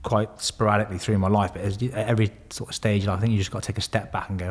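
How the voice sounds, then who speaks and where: Bloke, low-ish voice, swears a lot telling old stories. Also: male voice, flat delivery, quick pace, hardly any pauses, breathy edge. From Bristol, England. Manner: swears freely, laughs through stories. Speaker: podcast guest, former Royal Marine. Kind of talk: casual storytelling.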